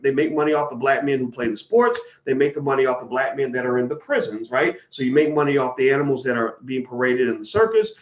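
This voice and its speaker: A man's voice: mid-range voice, lo-fi sound. Blunt, heated man lecturing in a roomy sound. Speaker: commentator. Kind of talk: livestream monologue.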